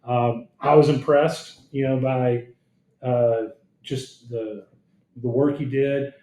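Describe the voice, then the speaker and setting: Podcast host in an echoey room. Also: male voice, medium pitch, steady tone, takes it slowly, warm tone. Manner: friendly, conversational with fillers. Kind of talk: casual podcast interview. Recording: roomy echo.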